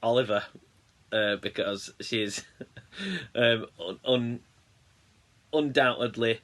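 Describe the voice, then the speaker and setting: A man recording a birthday video message, talking haltingly with many restarts. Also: mid-range voice, fairly bright tone.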